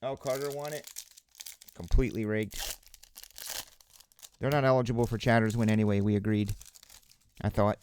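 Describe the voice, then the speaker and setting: A man's voice: lowish voice, steady tone, moderate pace, long pauses, darkish tone, slight background noise. Chatty man hosting a live card break. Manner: chatty, calls out player names while chatting with viewers. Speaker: card-breaking livestream host. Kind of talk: casual live-stream commentary.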